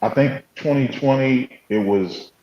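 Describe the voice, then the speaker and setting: A man on a radio talk show panel, speaking reflectively and haltingly, with many restarts. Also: medium pitch. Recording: echoey, dull-sounding mic.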